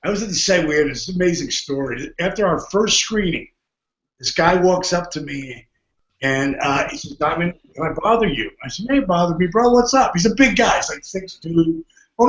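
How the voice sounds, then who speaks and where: A man with a notably high voice tells a story with energy, laughing often and acting out the voices of others. The audio sounds dull and lo-fi. It has a roomy echo around it. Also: animated, moderate pace, fairly bright tone. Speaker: podcast guest. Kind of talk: animated storytelling.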